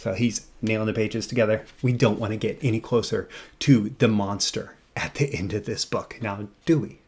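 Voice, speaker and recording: Gravelly-voiced man rambling to camera. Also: fairly low pitch, normal speed, darkish tone. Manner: rambling, hesitant, many fillers and restarts. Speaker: copywriting video host. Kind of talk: casual talk to camera.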